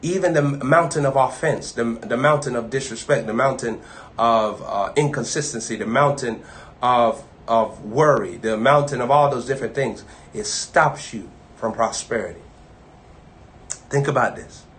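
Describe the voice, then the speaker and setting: A man preaching an informal live-streamed sermon, talking conversationally and repeating himself, moving from loud bursts to low asides. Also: normal speed.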